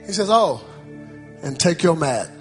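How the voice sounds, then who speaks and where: A man preaching a sermon in a church, calling out to the congregation and rising into shouted, sing-song cadences. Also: fairly high pitch, very animated, a little slow. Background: soft music.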